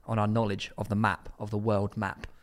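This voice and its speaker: A man's voice: on the low side, monotone, fairly quick. A man hosting a football quiz in casual podcast chat, playful and laughing often. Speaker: quiz host.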